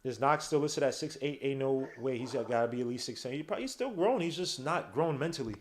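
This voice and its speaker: A man hosting a podcast, giving excited, slangy fan play-by-play of a game and teasing his co-hosts. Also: medium pitch, fast talker, a little hiss or hum. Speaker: podcast host.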